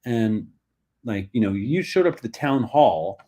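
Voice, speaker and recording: A man's voice: lowish voice, lively intonation, unhurried, mellow, slightly rough. A male podcast host talking casually, rambling with lots of "like" and "you know". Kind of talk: casual conversation.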